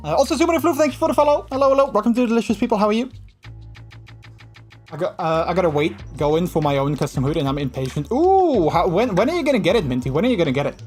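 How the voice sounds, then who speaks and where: A man's voice: high voice, big pitch swings, fast, a little mellow, soft background music. A man from the Netherlands with a Dutch accent, chatting casually with viewers on a livestream. He rambles with lots of fillers and restarts. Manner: slips into mocking put-on voices when quoting.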